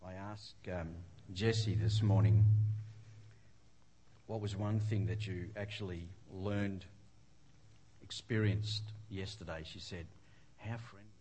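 An older Australian pastor tells his own story to a congregation, and his voice sits a little low. He delivers it as a relaxed, humorous testimony and keeps poking fun at himself. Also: slow pace, pauses often, a little hiss or hum. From Western Australia. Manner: humorous, self-deprecating storyteller. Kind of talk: personal testimony talk to a congregation.

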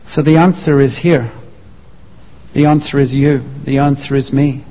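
A man's voice: mid-range voice, fairly even intonation, normal speed. A man preaching a sermon, sharing his own story in an earnest, personal way. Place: church. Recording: muffled echoing church hall.

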